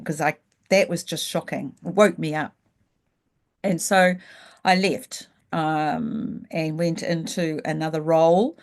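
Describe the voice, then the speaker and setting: A middle-aged woman from New Zealand, a leadership coach, tells her story as a guest in a casual interview. Her voice sits low and steady, and her candid, reflective manner slows down as she thinks back.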